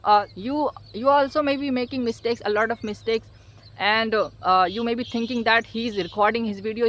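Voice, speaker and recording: A young man with a high, bright voice gives a casual English lesson. He speaks earnestly and often hesitates with "uh" fillers. He turns into a warm pep talk, urging viewers to repeat after him and not to fear mistakes. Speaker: English teacher.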